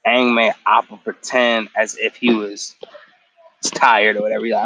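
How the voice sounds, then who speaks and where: A man's voice: fairly low pitch, little pitch movement, fairly quick, fairly bright tone, husky, highs cut off. A young man casually recapping a cartoon episode in a slangy, profane way, acting out the characters' lines. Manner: slangy, profane, acts out quotes. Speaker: show recap host.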